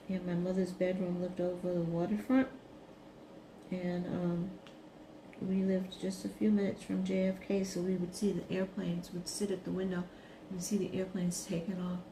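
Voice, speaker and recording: A woman from Brooklyn, talking casually as a craft vlogger, reminiscing and then turning animated. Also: on the low side, normal speed, echoey room, a little hiss or hum. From Brooklyn, New York. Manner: chatty, reminiscing, rises to animated scolding. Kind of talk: casual monologue while crafting.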